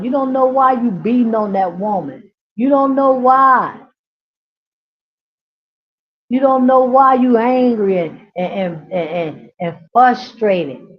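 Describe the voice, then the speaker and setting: A woman's voice: a little high, highs cut off. A woman giving an impassioned teaching monologue as a speaker on inner child healing, with repetitive, preacher-like build-ups and casual, colloquial grammar.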